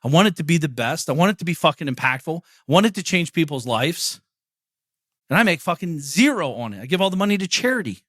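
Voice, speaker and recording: Brash, profane male motivational host, fortyish, bright tone, dry close mic. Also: a little high, very animated, fast talker, no echo. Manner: profane, blunt, preachy. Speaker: podcast host. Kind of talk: motivational monologue.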